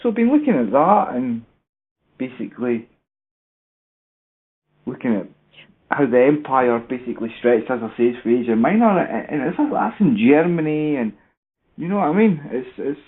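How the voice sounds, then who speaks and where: A man's voice: mid-range voice, sing-song, moderate pace, long pauses, slightly rough. A man talking casually and rambling as he explains, often saying "basically" and "you know what I mean". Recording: tinny phone-line sound.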